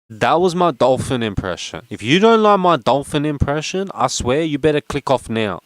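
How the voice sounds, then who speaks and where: A young man talks through a pack-opening in a loose, rambling way, making jokes at his own expense. His voice sits at an ordinary middle pitch. The sound is close and dry, with no room echo. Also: big pitch swings, moderate pace. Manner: rambling, joking, self-mocking. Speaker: card-opening vlogger. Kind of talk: casual unboxing chat.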